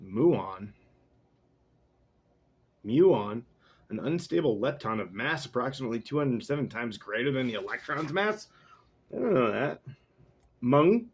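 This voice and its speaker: Casual male reader, husky tone, slow delivery, self-mocking asides between passages. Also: medium pitch. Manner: self-mocking, restarts readings, swears in asides; slow, lively reading voice. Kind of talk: casual reading aloud, rambling asides.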